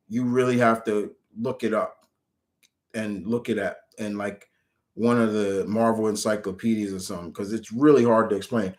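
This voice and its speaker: A man streaming live, answering viewers' questions in a rambling, casual way with many restarts. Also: mid-range voice.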